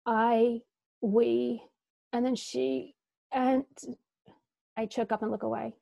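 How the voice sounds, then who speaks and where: Gravelly woman reading her novel aloud. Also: a little high, level tone, takes it slowly, no echo, dull audio. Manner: dramatic first-person reading with emotional dialogue.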